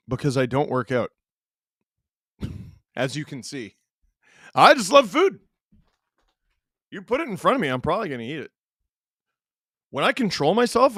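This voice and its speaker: A man in his thirties hosting a stream, reading chat aloud and telling stories in an animated, casual way. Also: a little high, dry recording, clean studio sound. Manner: animated storyteller, reads chat aloud, laughs often.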